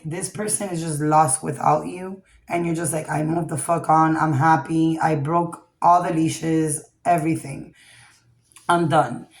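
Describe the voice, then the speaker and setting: Woman tarot reader, lowish voice, blunt and profane, echoey room. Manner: blunt, profane, keeps asking "okay?". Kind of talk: casual tarot reading.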